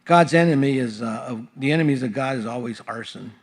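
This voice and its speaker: A man's voice: mid-range voice, a little fast, slightly rough. A male pastor reading Bible verses aloud and explaining them in a casual, conversational sermon with frequent fillers. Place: church sanctuary.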